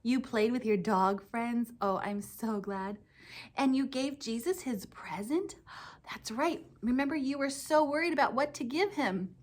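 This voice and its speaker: A woman with a fairly high voice teaches a lesson to small children at church. She talks in a bright sing-song, gasping and exclaiming as she chats with a puppy puppet. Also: animated, a little slow.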